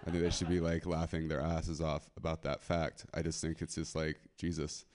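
A man's voice: rumbling low, completely flat delivery, moderate pace, darkish tone, slight background noise. A man doing a live stand-up set on a club stage, crude and rambling, often laughing at his own jokes. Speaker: stand-up comedian.

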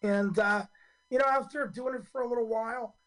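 Hoarse man in his fifties, rambling. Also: very high voice, steady tone, a little fast, a bit bright, poor audio. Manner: earnest and rambling, many ums and restarts. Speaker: stand-up comedian guest. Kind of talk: radio interview storytelling.

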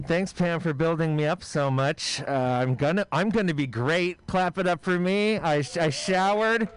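A man doing a rambling, self-deprecating stand-up comedy set while high. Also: normal speed, poor audio.

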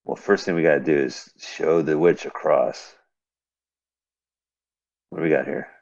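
A man's voice: very deep voice, fairly even intonation, measured pace, creaky, darkish tone, dull audio. A man co-hosting a casual comedy show, joking and slipping into silly voices. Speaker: podcast co-host. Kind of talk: casual comedic chat over a video.

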